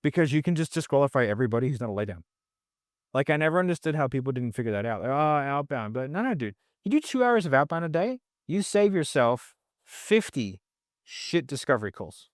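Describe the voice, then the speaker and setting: A man's voice: mid-range voice, big pitch swings, brisk, no room sound, clean studio sound. Blunt, rambling man on a podcast. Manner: rambling, blunt and profane, heavy use of "like". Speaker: sales trainer guest. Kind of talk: casual podcast conversation.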